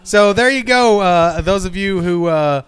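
A man's voice: sits high, lively intonation, unhurried, clean tone. A man co-hosting a comedy podcast, crude and laughing often in casual banter. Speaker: podcast co-host.

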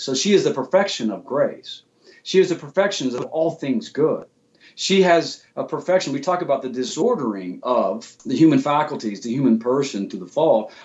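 Brief: earnest male theology guest, mid-pitched, slightly muffled recording. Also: darkish tone. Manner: earnest, restarts and repeats words as he explains. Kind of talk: explanatory theological discussion.

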